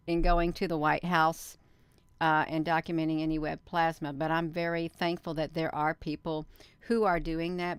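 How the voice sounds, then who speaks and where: A woman's voice: sits low, smooth, no room sound. A woman hosting a casual livestream, chatting to her viewers and often talking to herself as she works. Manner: chatty, often addresses viewers as "you all", talks to herself. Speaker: livestream host.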